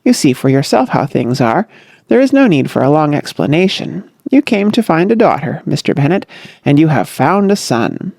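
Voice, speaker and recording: A narrator playing a breezy, glib young suitor. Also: male voice, on the high side, big pitch swings, moderate pace, a little mellow, no room sound, clean studio sound, full character voice. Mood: breezy, smooth. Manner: smooth, airy flourishes. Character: breezy, glib young man eager to please.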